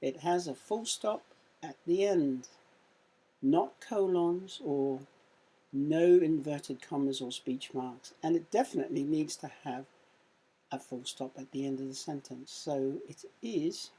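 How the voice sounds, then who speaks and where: An English primary school teacher records a lesson for young children in a low, mellow, slightly husky voice. She reads quiz questions slowly and carefully, putting a little extra punch on the sound words. The recording is rough.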